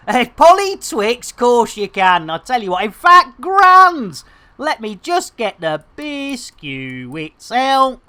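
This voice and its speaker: A woman's voice: on the high side, very animated, slow, sharp tone. A woman doing jokey, rambling commentary on a game livestream, full of catchphrases. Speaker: game streamer.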